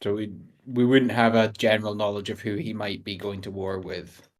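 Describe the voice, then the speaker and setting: A man playing a tabletop game, asking quiet, thoughtful questions. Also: fairly low pitch, flat delivery, normal speed. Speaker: player. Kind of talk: casual tabletop game chat.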